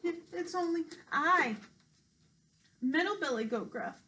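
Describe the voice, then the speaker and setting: A woman's voice: sing-song, normal speed, a bit bright, a little hiss or hum. A woman doing a stammering, frightened little goat. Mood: scared. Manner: stammering, high and timid.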